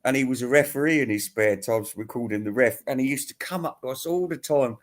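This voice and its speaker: A crude bloke rants through a rambling comic monologue while answering viewer questions, laughing at his own jokes. He talks fast, with a medium-pitched male voice.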